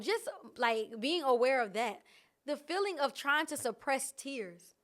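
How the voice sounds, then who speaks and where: A woman vlogger talking candidly to camera in a casual, reflective way, expressive and often laughing. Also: high voice, measured pace.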